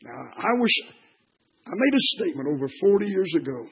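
An older man preaching a sermon. He is impassioned and moves from hushed words to shouting. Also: high-pitched, sing-song, fairly quick, husky. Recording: dull lo-fi recording.

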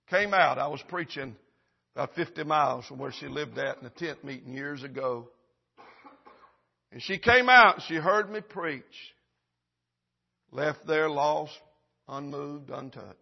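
Male preacher mid-sermon in church; swings from loud and urgent to hushed and slow; raspy, lo-fi sound. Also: medium pitch. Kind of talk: revival sermon. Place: church service.

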